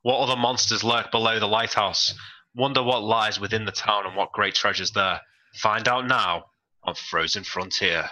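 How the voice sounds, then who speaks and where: A man's voice: fairly low pitch, moderate pace, sharp tone, poor audio. Man doing a northern English recap narrator. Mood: teasing. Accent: northern English, put on. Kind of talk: mock trailer-style recap narration.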